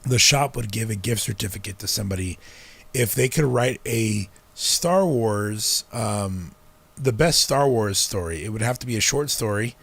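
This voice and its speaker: Male podcast co-host, lowish voice, dry sarcastic banter. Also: expressive, moderate pace, creaky, fairly bright tone, breathy edge. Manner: joking, sarcastic. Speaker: podcast co-host and shop owner. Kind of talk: casual chat.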